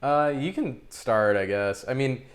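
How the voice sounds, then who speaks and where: A man's voice: medium pitch, a little slow. A man co-hosting a movie podcast, chatting casually with lots of fillers and laughter. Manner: animated, laughing, filler-heavy. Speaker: podcast co-host. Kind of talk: casual film chat.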